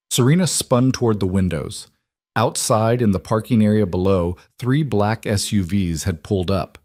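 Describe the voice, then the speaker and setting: Low-voiced male storyteller. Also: moderate pace, dry recording, studio quality. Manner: steady dramatic storytelling. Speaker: narrator. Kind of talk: scripted narration.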